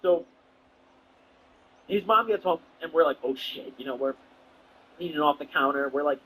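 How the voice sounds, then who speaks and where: A man's voice: fairly high pitch, normal speed, bright, forceful tone, a little hiss or hum, poor audio. A young man talking casually to camera, telling a rambling, profane, slang-heavy story as a video creator.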